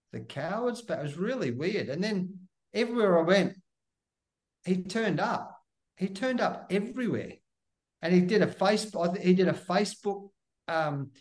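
A middle-aged Australian man with a fairly high voice spins a lively, animated anecdote in a relaxed interview. He talks with easy storytelling energy, acting out the people he describes. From Western Australia. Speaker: guest, former cricketer and coach.

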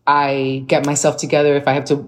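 A middle-aged woman guest in casual chat, telling animated stories and acting out the voices she quotes. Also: sits low, fast talker.

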